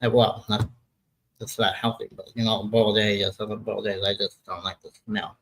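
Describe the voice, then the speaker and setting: Gravelly sixty-year-old man rambling on a livestream. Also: fairly low pitch, little pitch movement, fairly quick, rough recording. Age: 60s. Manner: rambling, profane, laughs at his own jokes. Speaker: livestream host. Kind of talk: casual live chat.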